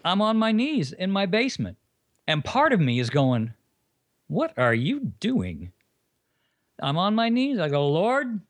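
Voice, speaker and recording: A man recounts his faith story to an interviewer. His slightly high voice swings widely in pitch as he tells it with energy and throws out emphatic rhetorical questions. The sound is dry and close. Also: normal speed, no echo. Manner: animated storyteller, asks himself emphatic questions. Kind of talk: personal testimony in conversation.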